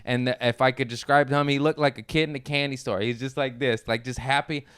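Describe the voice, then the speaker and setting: A man hosting a podcast in casual chat, relaxed, laughing easily and swearing casually. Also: medium pitch, brisk, smooth, no echo, clean studio sound. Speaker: podcast host.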